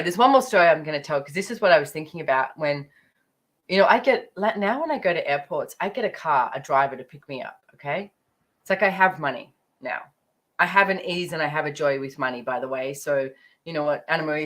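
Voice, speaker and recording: Middle-aged woman, low voice, loose chatty storyteller who rambles with plenty of "you know" and "like". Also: quick pace, fairly bright tone, low-quality recording. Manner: chatty, rambling, full of fillers. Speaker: speaker sharing her money journey. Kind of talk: casual storytelling talk.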